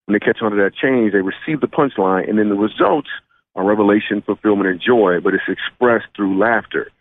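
A man's voice: fairly low pitch, fairly quick. A comedian in his thirties from Michigan, joking and telling stories in a laid-back way during a radio interview over the phone. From Michigan, USA. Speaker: comedian guest. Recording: tinny phone line.

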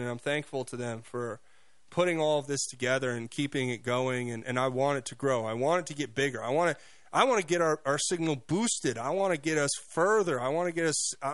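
A male radio talk show host with a slightly high, fairly bright voice delivers a fast, mocking, opinionated monologue, restarting often and repeating words. There is no room sound.

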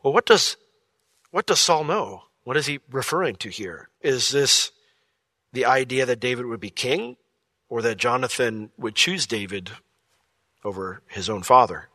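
Man, pastor, sermon, lively and conversational, jokey asides, bright tone. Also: medium pitch, a little slow, no echo.

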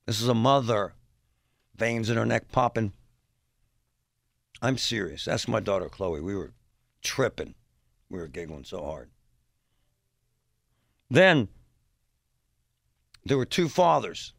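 A man hosting a talk show, telling a story in an animated, mocking way and mimicking yelling parents. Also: lowish voice, unhurried, gravelly, long pauses, no room sound, clean studio sound. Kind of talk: storytelling monologue.

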